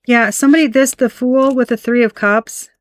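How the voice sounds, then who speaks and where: A fairly high-voiced woman talks through a tarot spread in a blunt, emphatic way, cursing as she goes. The sound is close and dry, with no room echo. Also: fairly even intonation, moderate pace. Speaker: tarot reader. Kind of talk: casual tarot reading.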